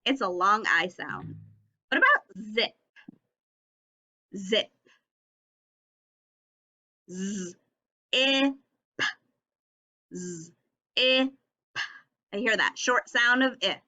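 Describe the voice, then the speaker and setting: A woman teaching a phonics lesson to young children, slowly stretching out and sounding each letter of the words. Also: medium pitch, sing-song, pushed and bright.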